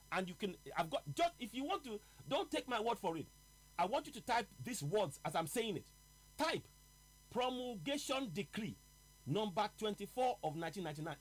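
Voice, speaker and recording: A male host, running a live political talk broadcast and stressing his key points by repeating them slowly. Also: high voice, a bit bright, low-quality recording.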